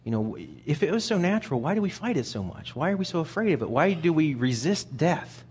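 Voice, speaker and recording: A man's voice: a little high, animated, fast, darkish tone, breathy edge. A man preaching a sermon in a conversational way, often repeating words as he thinks aloud.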